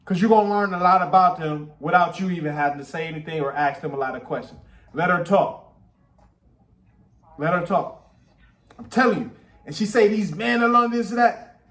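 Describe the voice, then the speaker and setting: A man's voice: high-pitched, a bit bright, reverberant. A man giving casual reaction commentary on a podcast clip, blunt and emphatic, often repeating himself. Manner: blunt, repetitive, emphatic opinions.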